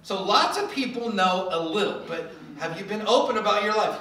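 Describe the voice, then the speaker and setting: A preacher giving a sermon in a lively way, acting out quoted voices with humor. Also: medium pitch, a little fast, few pauses, a little hiss or hum. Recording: echoey hall from far off.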